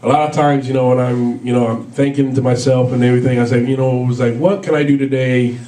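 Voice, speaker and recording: A man's voice: medium pitch, fairly even intonation, fast talker, dark tone, echoey room, distant mic, poor audio. A man doing a stand-up comedy set, rambling through stories with lots of fillers and laughs at his own jokes. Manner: rambling, filler-heavy storytelling with frequent laughs.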